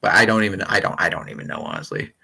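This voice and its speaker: Young male streamer, lower-pitched voice, loose rambling chat with lots of fillers and restarts. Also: huge pitch swings, very fast, vocal fry, bright, forceful tone, breathy edge. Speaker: livestream host. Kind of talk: casual livestream chat.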